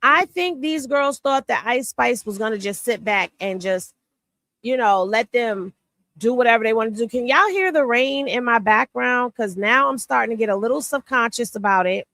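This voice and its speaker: A woman's voice: fairly high pitch, lively intonation, moderate pace, bright, forceful tone, no echo, clean studio sound. A woman hosting casual reaction commentary, blunt and sassy, talking straight to her viewers. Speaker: commentary host. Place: home room with rain on a tin roof.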